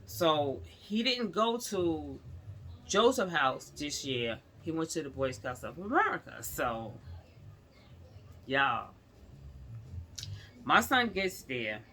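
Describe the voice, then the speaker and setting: A woman's voice: low voice, big pitch swings, slow pace, pauses often, a bit bright, slight background noise. A woman vlogger chatting to her viewers in a rambling storytime, often calling them y'all.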